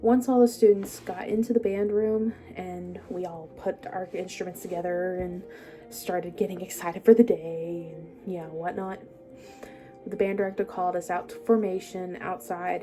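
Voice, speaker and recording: A young woman with a lowish, mellow voice tells her life story in a halting, hesitant way, full of pauses and restarts. At times she sinks into a soft, breathy near-whisper. Faint music plays underneath. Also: fairly even intonation. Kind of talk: personal storytelling to camera.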